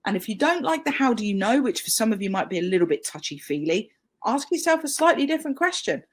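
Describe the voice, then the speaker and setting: A woman's voice: fairly high pitch, very animated, quick pace. A woman with a British accent giving a live webinar training talk over a video call, chatty, self-deprecating and emphatic. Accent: British English.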